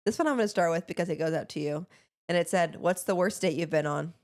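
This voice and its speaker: A young woman co-hosting a podcast in casual chat, reading listener stories aloud in a quick, chatty way. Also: on the low side, a little mellow, no echo, studio quality. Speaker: podcast co-host.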